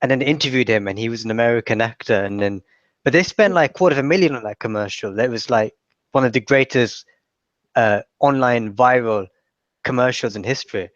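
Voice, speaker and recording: A man on a casual call with his marketing coach, friendly and quick to laugh. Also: medium pitch, dry recording. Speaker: marketing client. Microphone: call audio. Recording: dull, dry call audio.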